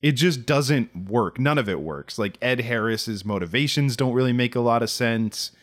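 The man speaks with a lively, swooping pitch in casual podcast chat. He tends to rush his words in excited bursts, stopping and restarting his sentences. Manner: animated, quick bursts with restarts. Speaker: podcast co-host.

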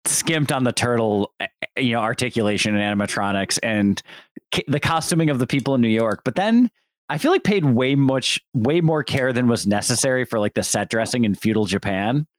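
A man chatting casually about a film, halting and full of restarts and fillers. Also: medium pitch, animated, no room sound. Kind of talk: casual podcast chat.

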